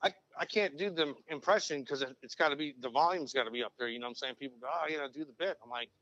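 A man co-hosting a podcast, talking in a rapid, emphatic and profane way. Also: mid-range voice, fairly bright tone, highs cut off. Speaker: podcast co-host. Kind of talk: casual chat.

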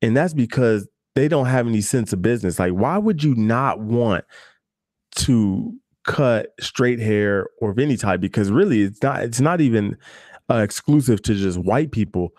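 A man in his trade as a barber, talking casually and candidly with many fillers and asides. His voice sits at an ordinary pitch for a man. The recording is dry and close, with no room echo. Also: lively intonation, normal speed, a little mellow. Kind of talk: casual advice talk to camera.

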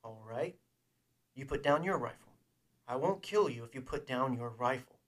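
A man voicing a desperate, angry middle-aged male smuggler who shouts in a breathless, strained voice. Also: mid-range voice, fairly even intonation, unhurried, recorded from a distance, natural voice. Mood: pleading.

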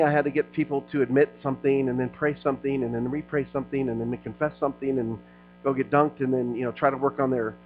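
A middle-aged man preaching a sermon as a pastor, talking to the crowd like friends and swelling into loud passionate stretches. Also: medium pitch, narrow, tinny audio. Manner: conversational preaching, rising to loud passionate peaks.

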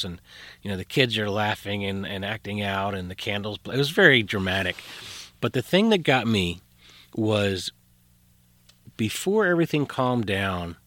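Bright-voiced man telling a ghost story. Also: lowish voice, no room sound. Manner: animated storyteller, acts out quoted dialogue, many fillers. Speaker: podcast guest. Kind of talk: casual storytelling.

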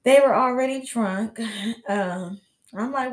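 A woman's voice: on the high side, takes it slowly. A young woman hosting a podcast, telling a personal story in a casual, rambling way, full of "you know" and "like" and with frank swearing. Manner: candid and swears freely. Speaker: podcast host. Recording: roomy echo.

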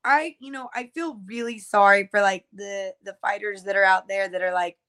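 A woman's voice: medium pitch, steady tone, normal speed, sharp tone. A young woman co-hosting a casual podcast, talking freely with lots of fillers and restarts. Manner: chatty, many fillers and restarts. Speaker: co-host.

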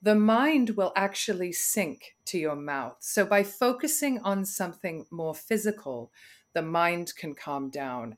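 Measured woman coaching on communication. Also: lowish voice. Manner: measured, instructive, pauses to breathe. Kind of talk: podcast interview guest.

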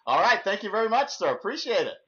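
A male interview host asks his questions haltingly, tripping over the first words. His voice is bright and forward, and the recording sounds a little dull. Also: high-pitched, sing-song. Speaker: podcast host. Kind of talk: casual interview.

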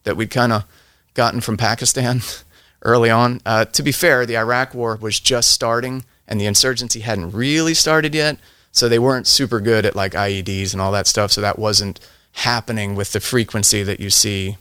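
A man's voice: lowish voice, steady tone, moderate pace, bright, forceful tone, clear, resonant tone, no echo, studio quality. A middle-aged man, a veteran guest on a podcast, telling a long story in a rambling way, often restarting his sentences and laughing. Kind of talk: casual storytelling.

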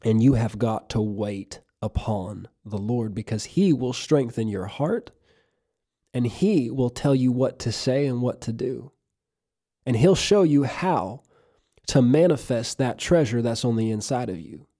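Reading scripture aloud between his own points, a man preaches earnestly and emphatically. He speaks at a measured pace with lively intonation, his voice mellow, dark in tone and middle-pitched.

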